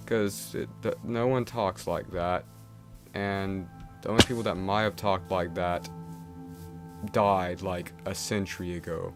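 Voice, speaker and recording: A young man with a lowish voice rambles casually while he streams a game. His talk is loose and full of fillers, and he often restarts his sentences. Game music plays clearly underneath him. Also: fairly even intonation, a little slow.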